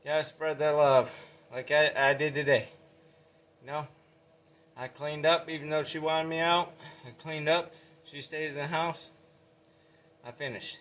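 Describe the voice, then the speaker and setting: A man's voice: a little high, flat delivery, measured pace, long pauses, a bit bright, slight background noise. A man filming a casual vlog update, out of breath and talking in a folksy, rambling way. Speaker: vlogger.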